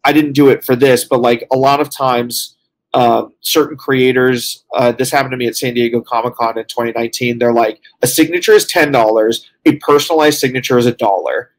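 A man's voice: medium pitch, steady tone, fairly quick. A tired man co-hosting a casual podcast chat, rambling along with lots of fillers as he reports back. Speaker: co-host reporting from a convention.

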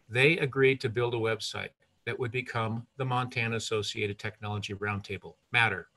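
An older man telling a personal story to an audience, lively, with asides and self-corrections. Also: mid-range voice.

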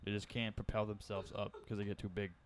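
A man with a low, easygoing voice chats through a horror film with his co-host. He rambles loosely, tossing out odd trivia and crude wisecracks. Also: little pitch movement, fast, a little hiss or hum. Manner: laid-back, rambling, offhand trivia and wisecracks. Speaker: co-host of a horror movie commentary. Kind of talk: casual crude movie commentary.

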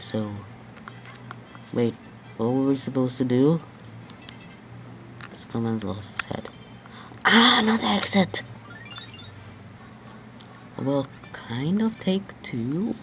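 A woman casually chatting and rambling to herself while playing a video game. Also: rumbling low. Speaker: gameplay commentator. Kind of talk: casual let's-play commentary.

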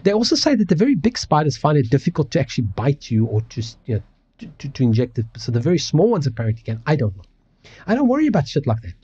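A man rants casually on his livestream, rambling, restarting and cursing freely. His voice is husky and mellow, with a pitch that swings a lot. The audio is dull and lo-fi, as if streamed from home. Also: huge pitch swings, fast. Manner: rambling, swearing, many restarts. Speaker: livestream host. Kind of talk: casual ranting chat. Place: home apartment.

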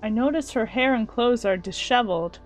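A woman reading a visual novel aloud, narrating and reacting with animated asides. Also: a little high, moderate pace, soft background music. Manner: animated reactions and filler sounds. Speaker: let's play host.

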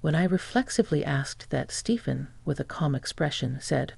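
A narrator reading a first-person family revenge story in an even, scripted way, taking every quoted part without changing voice. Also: medium pitch, moderate pace, creaky, few pauses, slightly rough, dry recording.

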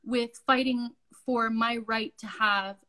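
A woman's voice: on the high side, steady tone, takes it slowly, pushed and bright, poor audio. A woman from Canada co-hosting a podcast, speaking earnestly and emphatically, sometimes bluntly. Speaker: podcast co-host. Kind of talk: casual chat.

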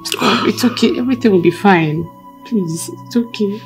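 A woman's voice: mid-range voice, moderate pace, lightly acted. An actress with a Nigerian English accent playing a younger sister who earnestly pleads with her distressed brother in a film. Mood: pleading. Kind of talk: Nollywood film acting. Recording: soft music in the background.

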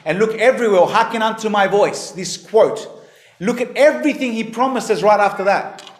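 Emphatic preacher man, echoey hall. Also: normal speed. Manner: emphatic, rises and drops in pitch and volume. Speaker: pastor. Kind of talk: sermon.

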